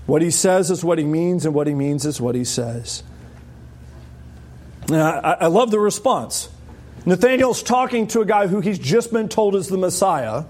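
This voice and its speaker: A man preaching a sermon to a congregation, animated and emphatic, often rising sharply in pitch for stress. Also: moderate pace.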